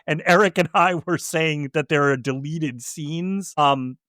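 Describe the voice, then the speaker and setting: A man's voice: a little high, unhurried, bright, forceful tone, no room sound, clean studio sound. A man co-hosting a casual movie podcast, recapping scenes for listeners in a conversational way. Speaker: podcast co-host. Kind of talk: casual movie review chat.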